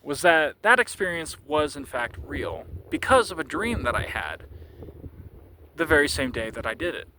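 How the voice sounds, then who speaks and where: A man recounts a personal story in a loose, casual way, stumbling over and repeating words and chuckling often. His voice sits fairly high and sounds bright and forceful. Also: big pitch swings, normal speed, slight background noise.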